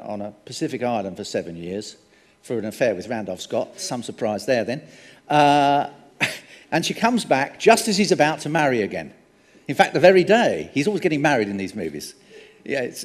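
A man giving a public lecture, an animated storyteller with frequent ums and wry asides. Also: medium pitch. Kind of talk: public lecture on film history. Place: lecture hall. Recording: long hall reverb.

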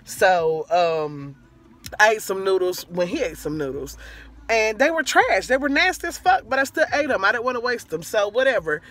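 A woman's voice: mid-range voice, big pitch swings, normal speed, fairly bright tone. A young woman vlogger telling a rambling, profane storytime rant, drifting off track and back. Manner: rambling, profane, easily sidetracked.

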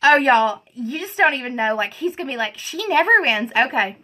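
A woman's voice: a little high, expressive, a little fast, sharp tone. A woman chatting casually on a livestream, greeting viewers by name and giggling as she tells a story. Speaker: livestream host. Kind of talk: casual live chat while doing makeup.

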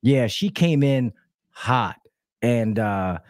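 A man's voice: mid-range voice, expressive, slow pace, darkish tone, no room sound, studio quality. A man who works as an HVAC technician, a podcast guest telling work stories with lots of swearing and restarts. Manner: profane, rambling storyteller with many restarts. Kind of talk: casual podcast chat.

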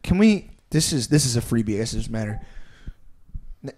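A man's voice: mid-range voice, expressive, brisk, a crowd in the background. A man telling casual stories on a podcast, rambling and profane, full of filler words. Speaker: podcast guest. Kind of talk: casual storytelling.

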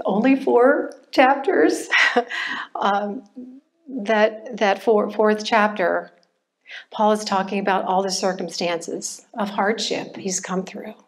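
Slow, reflective older woman sharing testimony. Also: medium pitch. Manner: slow, reflective, with pauses and restarts. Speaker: church member sharing testimony. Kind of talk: personal testimony talk.

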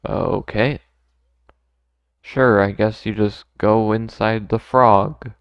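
Laid-back male gamer, low gravelly voice, dull dry mic, slow joking commentary. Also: steady tone, no echo. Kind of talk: let's play commentary.

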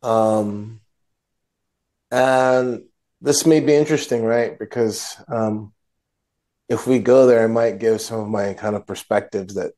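A man's voice: fairly low pitch, fairly even intonation, slow, long pauses, dark tone. A man co-hosting a casual religious discussion, retelling scripture in a rambling way and correcting himself as he goes. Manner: rambling, self-correcting storyteller. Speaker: podcast co-host.

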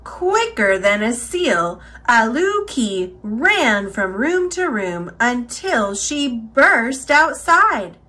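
A woman reading a children's picture book aloud, expressive and unhurried. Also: a little high. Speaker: storyteller.

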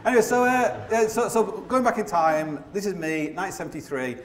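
A man's voice: high voice, lively intonation, fairly quick, noisy background. A middle-aged man giving a comic live stage talk, rambling and self-mocking, full of fillers and restarts. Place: large theatre stage before a laughing audience. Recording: echoey live theatre sound from a distance.

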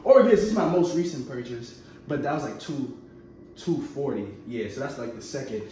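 Young man, casual vlog, excitable, slangy, lively voice, distant mic, faint background noise. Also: medium pitch, normal speed, heavy reverb. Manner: excitable, slangy, exclaims often. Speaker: vlogger showing his collection. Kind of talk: casual show-and-tell.

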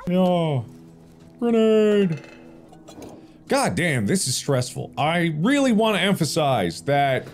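A man's voice: high-pitched, big pitch swings, takes it slowly, faint music behind. A man in his thirties commenting on his gameplay, prone to explosive swearing outbursts. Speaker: gaming video creator.

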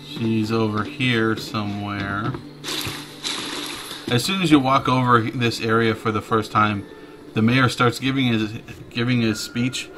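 A man's voice: medium pitch, fairly even intonation, a little slow. A man casually commentating a video game playthrough with joking, chuckling asides. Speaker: gameplay commentator. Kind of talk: casual let's-play commentary. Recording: game music behind.

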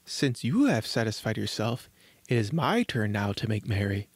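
A man voicing a plucky boy the size of a thumb, speaking high and urgently in a storybook reading. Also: big pitch swings, normal speed, breathy edge, no echo, heavily acted. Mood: sly, cheeky.

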